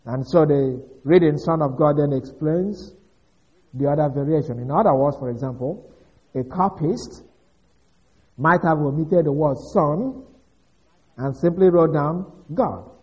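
A man's voice: a little high, a little slow, warm tone. A man giving a methodical, explanatory Bible teaching, working through a passage step by step. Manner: methodical, explanatory, with occasional restarts. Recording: dull lo-fi recording.

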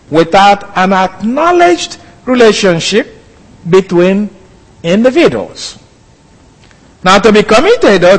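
A man preaching a sermon in a deliberate, emphatic way, stressing quoted phrases slowly. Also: high voice, big-room sound, rough recording.

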